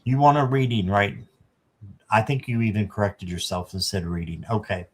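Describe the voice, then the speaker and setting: A man's voice: lowish voice, steady tone, moderate pace, slightly rough. A man doing a casual live tarot reading, chatting to viewers and reading the card text aloud. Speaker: tarot reader.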